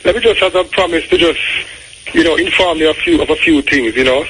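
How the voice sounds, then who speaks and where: A man's voice: a little high, a little fast, a bit bright, a little hiss or hum, poor audio. A man calling into a radio show, giving a hesitant, polite, filler-filled update. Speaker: caller.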